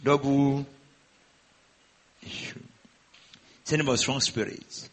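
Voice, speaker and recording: A man's voice: medium pitch, fairly even intonation, slow, fairly bright tone, low-quality recording. A man preaching a sermon to a congregation, exhorting them with rhetorical questions and repeated calls.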